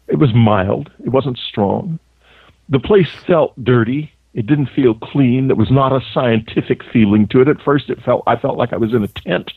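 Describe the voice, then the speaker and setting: A male author, a guest on a radio show, recounting events in a halting way, searching for words. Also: mid-range voice, breathy edge, no echo. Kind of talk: phone interview, personal recollection. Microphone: telephone. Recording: tinny phone line.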